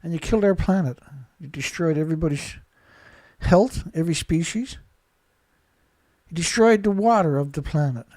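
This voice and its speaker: A man's voice: a little high, normal speed, dark tone, no room sound. A man hosting a live show, giving an angry, ranting commentary full of insults and repeated rhetorical questions, a little congested. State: congested, blowing nose.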